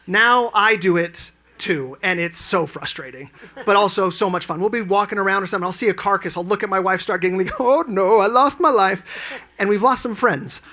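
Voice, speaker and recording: A man's voice: high-pitched, a little fast, pushed and bright. A man performing a stand-up comedy set, telling stories animatedly and acting out quotes with sudden jumps in his voice. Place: live event lounge.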